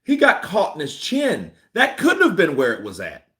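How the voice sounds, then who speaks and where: A male boxing commentator rants live to his chat with a slightly high voice. His tone is bright and animated. He circles back and repeats himself as he thinks aloud. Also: moderate pace. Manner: excitable, repetitive, thinks aloud. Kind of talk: ranting livestream commentary.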